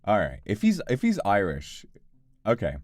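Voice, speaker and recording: A man's voice: lowish voice, wildly swooping pitch, moderate pace, darkish tone, dry recording. A man streaming a game, reading its text aloud and joking in casual commentary. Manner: playful, reads game text aloud and jokes.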